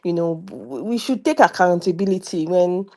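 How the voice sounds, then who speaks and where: A woman's voice: on the low side, normal speed, darkish tone. A woman co-hosting a casual gossip chat, who laughs often and chimes in with short replies. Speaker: co-host.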